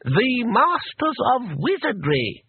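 A man voicing a pompous old wizard teacher who speaks slowly and haughtily, over a tinny, lo-fi line. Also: high voice, big pitch swings, breathy edge, dry recording, voice pushed up, full character voice. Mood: haughty, sheepish. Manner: slow, haughty, drawn-out. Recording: tinny, lo-fi, distant-sounding.

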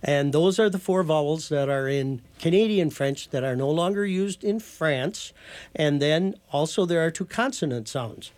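A man's voice: fairly high pitch, lively intonation, normal speed, darkish tone. A man who is a guest on a talk show, patiently explaining and lecturing, sometimes spelling words out letter by letter. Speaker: guest from a heritage foundation.

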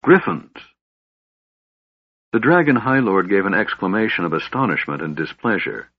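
A man's voice: sits low, fairly quick, husky, no room sound. A man narrating a fantasy audiobook expressively. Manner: expressive storytelling. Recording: dull lo-fi audiobook recording.

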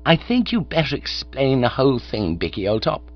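A man voicing a chummy, breezy young English gentleman who talks in slangy phrases, on a dull recording with a mains hum. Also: mid-range voice, huge pitch swings, moderate pace, faint music behind, voice pushed up.

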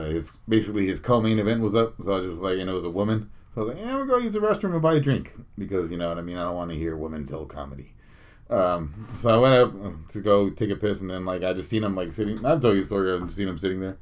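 A man co-hosting a casual podcast, telling rambling stories full of swearing and laughter. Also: sits low. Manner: laughs often, profane, rambling storytelling. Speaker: podcast co-host. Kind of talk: casual crude banter.

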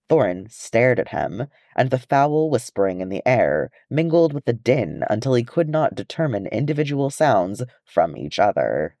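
A man reading a story aloud with expressive delivery. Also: medium pitch, moderate pace, hardly any pauses, no room sound, clean studio sound. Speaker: audiobook narrator. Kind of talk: reading fan fiction aloud.

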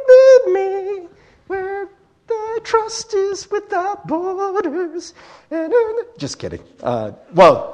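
Husky, animated male pastor. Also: a little high. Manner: animated, joking, addresses listeners as friends and guys. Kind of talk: conversational sermon.

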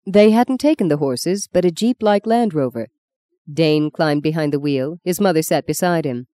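A woman narrating a novel as an audiobook in a measured, expressive storytelling voice. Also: low voice, no echo. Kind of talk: scripted narration.

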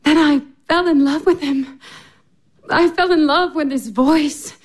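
Headstrong passionate sister, high voice, urgent, impulsive, radio play. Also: female voice, unhurried. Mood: pleading. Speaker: stage actress in a radio drama.

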